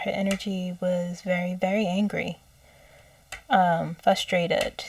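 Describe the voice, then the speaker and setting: Slow, gravelly-voiced woman psychic. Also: medium pitch, distant mic. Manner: slow, hesitant, self-correcting, with soft laughs and whispered asides. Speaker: psychic channeler. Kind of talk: casual monologue relaying channeled messages.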